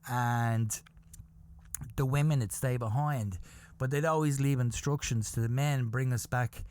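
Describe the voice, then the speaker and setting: An Irish man in his fifties hosting a podcast, telling a story in a rambling, animated way that keeps checking in with the listener. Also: medium pitch, measured pace. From Ireland. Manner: rambling, animated, peppered with "okay?" and "you know?". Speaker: podcast host. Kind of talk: casual anecdotal storytelling.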